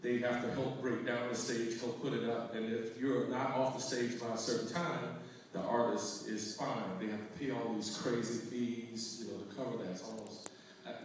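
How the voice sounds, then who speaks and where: A man's voice: medium pitch, slight background noise. Man telling a story in an echoey hall. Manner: lively storyteller, conversational. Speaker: guest speaker. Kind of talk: testimony to a church crowd. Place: large church hall. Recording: echoey hall, distant mic.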